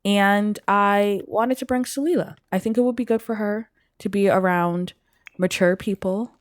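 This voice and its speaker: A woman's voice: medium pitch, normal speed, no echo, lightly acted. A woman voicing a teenage girl in a life-simulation game, coaxing her sister and pleading with her mother.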